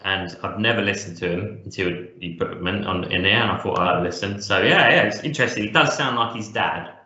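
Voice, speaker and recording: Joking around and laughing readily, this enthusiastic podcast co-host talks casually about music. He speaks fairly quickly in a low, bright voice with a forceful tone, recorded in an echoey, dull lo-fi room.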